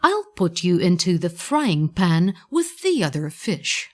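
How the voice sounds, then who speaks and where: A greedy old fisherman, read by a woman, gruff and matter-of-fact. He speaks slowly in a lowish voice that rises and falls a lot, as in a storybook. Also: big pitch swings, full character voice. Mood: gloating. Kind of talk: storybook reading for learners.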